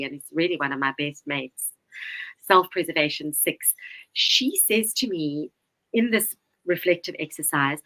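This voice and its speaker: Lively swearing woman telling a story. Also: deep voice, rough recording. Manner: animated, swears freely, acts out quotes. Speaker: guest, Enneagram teacher. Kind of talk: casual storytelling.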